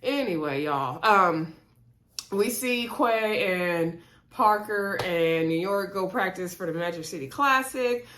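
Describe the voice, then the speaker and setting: A woman's voice: lowish voice, lively intonation, takes it slowly, fairly bright tone, a little hiss or hum. A woman in her thirties casually recapping a reality show, gossipy, with laughing asides and lots of fillers. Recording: echoey room.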